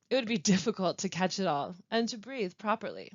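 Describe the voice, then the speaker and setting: Woman, webinar instructor, clear deliberate delivery, dry dull lo-fi recording. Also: medium pitch, sing-song, a bit bright, dry recording. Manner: clear, deliberate teaching delivery with careful pauses. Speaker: language support specialist.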